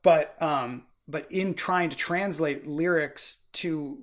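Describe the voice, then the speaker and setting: Guy co-hosting a book podcast, kinda high voice, rambles with tons of fillers. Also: takes it slowly, fairly bright tone. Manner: rambling, full of "like" and "you know". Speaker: podcast co-host. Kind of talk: casual book discussion.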